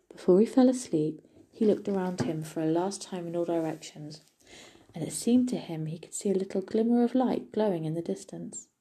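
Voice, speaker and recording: A woman reads a fairy tale aloud in a steady, gentle manner. Her voice is low and husky. Its tone is deeply dark and mellow. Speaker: storyteller. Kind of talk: storybook narration.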